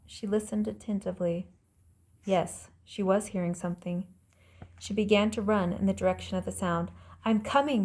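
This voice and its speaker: A woman reading her own novel aloud as audiobook narration, calm and measured. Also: medium pitch. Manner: calm, measured storytelling, voicing characters lightly.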